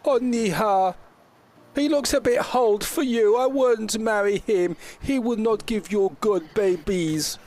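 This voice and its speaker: High fussy mother-hen cook, put on by a man, doting and clucking. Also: slow, a little mellow. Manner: fussing, clucking over "poor boys". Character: doting motherly woman cook, fierce in battle. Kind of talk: tabletop role-play voice.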